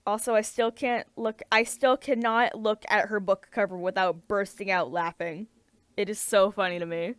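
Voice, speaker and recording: A woman's voice: medium pitch, fairly even intonation, moderate pace, smooth, no room sound. A young woman co-hosting a casual chat, rambling and enthusiastic with plenty of fillers. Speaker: podcast co-host.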